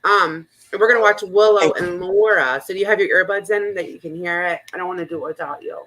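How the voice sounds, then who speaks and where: Bright-voiced sarcastic woman host. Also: on the low side, quick pace, rough recording. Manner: sarcastic, offhand. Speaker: stream host. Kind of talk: casual chat.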